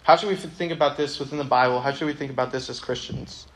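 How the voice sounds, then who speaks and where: A man's voice: mid-range voice, fairly even intonation, fast, fairly bright tone, slight background noise. A young man giving a casual, conversational sermon to a youth group, reading a Bible passage aloud. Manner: casual, conversational, many ums.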